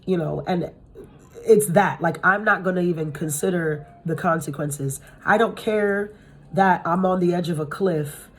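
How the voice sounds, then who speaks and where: This is a woman pitched slightly low, giving a laid-back tarot reading from her home. She talks bluntly and casually, swears freely and laughs often. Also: unhurried. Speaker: tarot reader. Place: at home with pets nearby.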